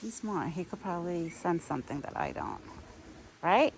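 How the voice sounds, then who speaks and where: A young pregnant woman vlogging outdoors on a windy day, chatting casually with lots of "like" and a soft, affectionate way of talking. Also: on the low side, lively intonation, moderate pace, poor audio.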